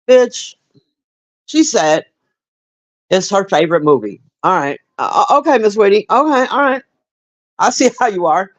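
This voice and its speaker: A woman's voice: medium pitch, lively intonation, measured pace, pauses often. Woman, livestream movie review, blunt, swears a lot, rambling, talks to chat. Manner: chats with live viewers.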